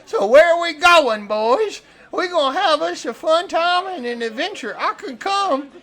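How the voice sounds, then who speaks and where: A man voicing an excitable, goofy young male fish-camp worker who talks in a loud, rustic drawl. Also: very high voice, unhurried, voice pushed up, full character voice. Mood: excited.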